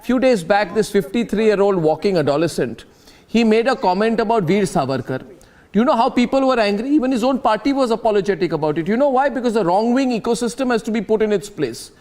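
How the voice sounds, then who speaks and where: A man's voice: high-pitched, animated, brisk, darkish tone. A man with an Indian English accent anchoring a heated televised debate, combative and interrupting, repeating his phrases insistently. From Assam, India. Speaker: news anchor moderating a debate.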